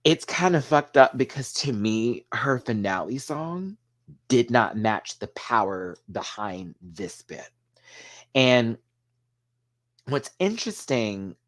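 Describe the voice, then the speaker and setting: A man hosting a casual solo review, animated and emotional, swearing freely and using drag slang, rambling with restarts and asides to his viewers. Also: lowish voice. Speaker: TV show reviewer.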